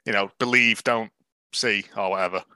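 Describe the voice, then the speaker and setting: Bright-voiced joking man. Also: on the low side, steady tone, clean tone, dry recording. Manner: joking, recaps plot in quick asides. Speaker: podcast co-host. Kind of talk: casual chat reviewing a film.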